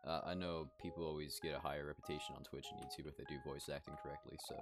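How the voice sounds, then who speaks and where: A man's voice: extremely low pitch, steady tone, very fast, few pauses, over loud music. A man streaming a video game, casually commenting and mumbling item text aloud. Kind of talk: casual let's-play commentary. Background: game soundtrack.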